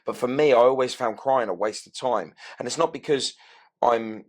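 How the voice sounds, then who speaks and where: A man's voice: mid-range voice, normal speed. A man, talking frankly in a casual podcast chat and swearing freely.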